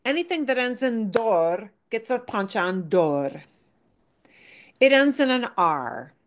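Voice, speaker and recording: A woman's voice: fairly high pitch, very animated, a little slow. A woman teaching a Spanish class, explaining word choice and stress in English and repeating Spanish words patiently for students. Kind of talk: online language class.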